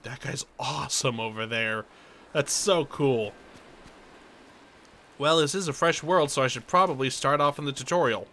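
Bright-voiced excitable young gamer guy. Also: fairly high pitch, slight background noise. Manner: excitable, chatty, yelps and laughs at the game. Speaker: gameplay streamer. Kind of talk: casual let's-play commentary.

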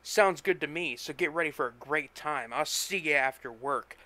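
A man reading a story, voicing an excited, swaggering young salesman full of himself. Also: fairly high pitch, moderate pace. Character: brash, boastful young male salesman.

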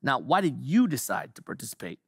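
A man's voice: medium pitch, big pitch swings, a little fast, slightly rough, no echo, clean studio sound. An actor playing an inquisitive male sports reporter asking formal, probing questions in a game cutscene. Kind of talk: video game cutscene dialogue.

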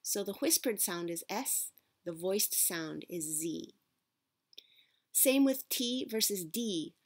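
A woman language teacher speaks in an unhurried, deliberate way and lets each sound land before moving on. Her voice sits at an ordinary middle pitch. She talks patiently, as if to a class. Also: expressive. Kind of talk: classroom-style lesson.

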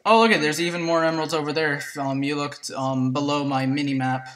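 A gameplay commentator chatting to viewers in a let's play, excitable and prone to yelps and shrieks at surprises. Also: medium pitch, fairly quick, far from the mic, a little hiss or hum, rough recording. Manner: chatty, talks to viewers as "guys".

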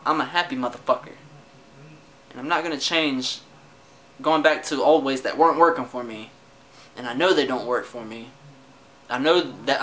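A man's voice: mid-range voice, pushed and bright, a little hiss or hum, low-quality recording. A young man venting to his camera in a casual personal rant, defensive and frustrated, swearing a lot and often stopping to restart his sentences. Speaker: vlogger. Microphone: camera mic.

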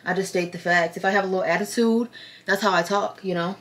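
A woman's voice: medium pitch, steady tone, quick pace, fairly bright tone. A young woman in her twenties telling a personal story in a casual vlog, candid and chatty, talking to a phone camera at home. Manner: candid, chatty, filler-heavy with frequent "like". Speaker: vlogger. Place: indoors at home. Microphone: phone camera at close range.

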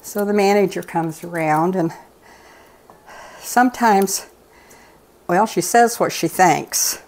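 A low, gravelly older woman chats in a folksy, rambling way as she makes a dish, drifting into stories between steps. Her voice is rough with fry and sits on the low side. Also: slow, darkish tone. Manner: rambling, folksy, chatty asides. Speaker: cooking show regular, host's mother. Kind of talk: casual storytelling while cooking.

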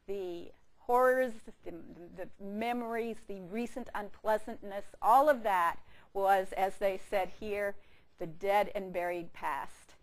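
In a museum lecture room, a woman curator gives a chatty, good-humoured public lecture in a mid-range voice, with frequent fillers and restarts. She speaks into a handheld microphone with a power pack.

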